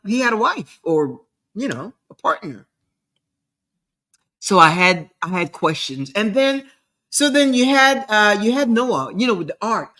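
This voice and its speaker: A middle-aged woman hosts her own show, talking in a loose, rambling monologue. She speaks slowly and unhurriedly, stumbling over repeated words as she drives her points home. Her voice has a bright, forceful edge. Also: on the high side. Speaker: show host. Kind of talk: casual monologue.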